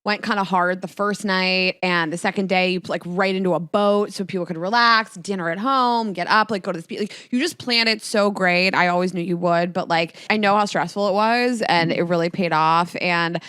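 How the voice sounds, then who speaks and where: A woman's voice: lowish voice, steady tone, normal speed, hardly any pauses, a bit bright, smooth, no echo, clean studio sound. A woman co-hosting a podcast, gushing and rambling in casual chat. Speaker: podcast co-host.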